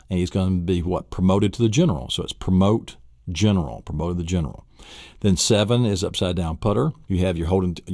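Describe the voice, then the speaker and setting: Low mellow-voiced male memory teacher. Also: dry recording, clean studio sound. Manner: enthusiastic, asks and answers his own questions. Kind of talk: spoken lesson walkthrough.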